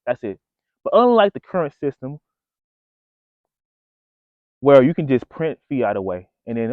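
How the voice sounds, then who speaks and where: Slangy man with lively, tinny voice. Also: medium pitch, moderate pace, pauses often, dry recording. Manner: casual slangy, addresses viewers as bro and folks. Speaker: vlogger. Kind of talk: casual storytelling to camera. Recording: dry phone-like audio.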